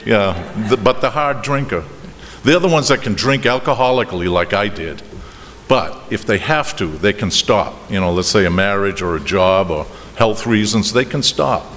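A man's voice: fairly low pitch, animated, a bit bright. Rambling Boston man in a hall. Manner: rambling, halting, frequent restarts and chuckles. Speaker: speaker sharing his drinking story. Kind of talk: personal testimony at a recovery meeting. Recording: reverberant hall with faint noise.

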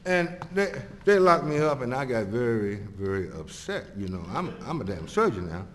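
A man telling his own story to an audience, halting and repeating himself, chuckling often and acting out the voices of others. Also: medium pitch, sing-song, a bit bright, big-room sound. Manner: halting and repetitive, chuckling often, acts out quoted dialogue.

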